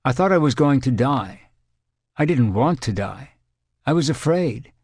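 A man reading an audiobook, voicing a frightened woman in her thirties who recalls a terrifying experience in halting, earnest words. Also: mid-range voice, animated, darkish tone, breathy edge, no room sound, studio quality. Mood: shaken. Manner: shaken, halting, earnest recollection.

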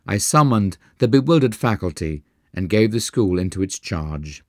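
Deep-voiced man reading a memoir. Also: expressive, moderate pace, hardly any pauses, dry recording, studio quality. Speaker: narrator. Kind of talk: audiobook narration of a memoir.

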